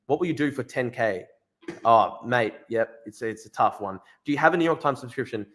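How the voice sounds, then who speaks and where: A young livestream host reads chat and article lines in a mid-range, slightly bright voice with lively intonation. He's blunt and profane, firing off quick asides, often repeating phrases and restarting.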